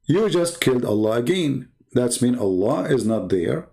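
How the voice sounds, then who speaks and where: A man's voice: medium pitch, sing-song, moderate pace, vocal fry, warm tone. A man with an Arabic accent hosting a live online debate, mocking his opponents with a string of rhetorical questions. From Arab world. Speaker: debate channel host.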